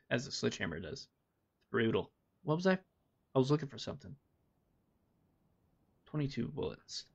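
A man streams a game, rambling to himself and his viewers with lots of swearing as casual gameplay commentary. His voice is fairly high, creaky, pushed, and bright. The recording is dull and lo-fi.

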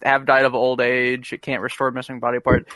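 A man speaking as a player in a tabletop game, with deadpan quips. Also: medium pitch, a little fast, no echo. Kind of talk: casual tabletop play chat.

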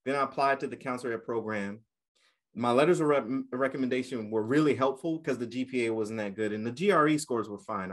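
Lively storytelling man, laughs a lot. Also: mid-range voice. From United States. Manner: lively, laughs often, acts out quotes. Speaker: guest counselor educator. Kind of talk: casual podcast storytelling.

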